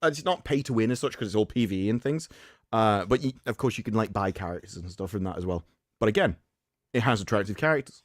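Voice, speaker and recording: Lively man, opinionated stream chat. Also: lowish voice, fast talker, dry recording, clean studio sound. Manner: rambling, opinionated, frequent restarts. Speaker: stream co-host. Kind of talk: casual live-stream chat.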